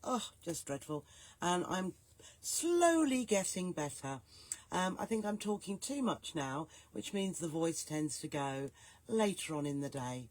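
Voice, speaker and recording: A woman hosting a live stream, hoarse and gruff from a cold, chatting and greeting viewers by name. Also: fairly low pitch, sing-song, a little slow, no room sound. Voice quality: soft, growly, gruff. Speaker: host.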